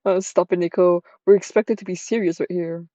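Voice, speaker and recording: A proud young noblewoman with a sharp, sarcastic tongue, read aloud by a woman. Her voice sits low and mellow, and it is heard on a dull, dry lo-fi recording. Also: steady tone, fairly quick, no room sound, lightly acted. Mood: cool defiant. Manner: cool, sarcastic, dismissive.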